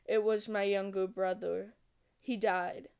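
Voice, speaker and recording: A woman reading a novel aloud voices a calm, brooding male vampire who reflectively recounts his past. Her mid-range voice is smooth and clear, unhurried and slow, with a measured storybook cadence.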